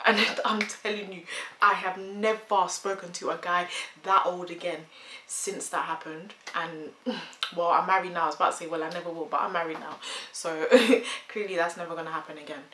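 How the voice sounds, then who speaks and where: A woman's voice: on the low side, moderate pace, sharp tone. Chatty woman telling a story. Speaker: vlogger. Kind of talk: storytime vlog. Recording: echoey room, faint hum.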